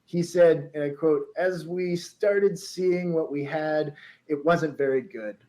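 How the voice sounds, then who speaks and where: A man's voice: a little high, slow, mellow, low-quality recording. A man co-hosting a podcast, telling a story in a chatty way, laughing often and reading quotes aloud.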